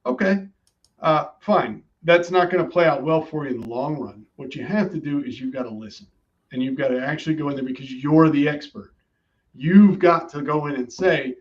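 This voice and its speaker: A man's voice: on the high side, normal speed. Man talking emphatically on a muffled line. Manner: emphatic, explains points step by step. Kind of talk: conversational podcast discussion.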